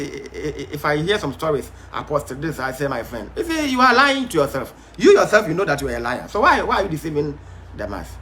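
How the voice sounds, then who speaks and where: A man's voice: high-pitched, a bit bright. A man teaching a Bible study, emphatic but hesitant, with frequent fillers and restarts.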